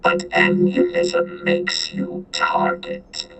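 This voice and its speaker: An ancient sentient vending machine speaks in a deep, synthesized, multitonal voice full of gravel. Its clipped, broken phrases come slowly and swing between extremes of pitch. Faint music plays behind it. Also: male voice, huge pitch swings, fairly bright tone, full character voice. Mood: ominous.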